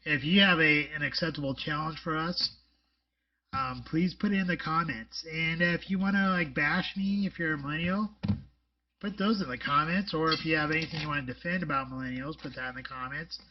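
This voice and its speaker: A man's voice: fairly high pitch, a little fast, distant mic, muffled recording. A man co-hosting a casual podcast chat, rambling with lots of fillers and blunt jokes. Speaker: podcast co-host.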